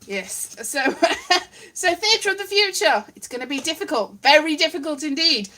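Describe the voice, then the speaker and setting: A woman's voice: high voice, lively intonation, normal speed, bright, forceful tone, slight background noise. A woman at home giving a rambling, giggly comic monologue with puppets, often mocking herself. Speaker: comedian doing a solo online show.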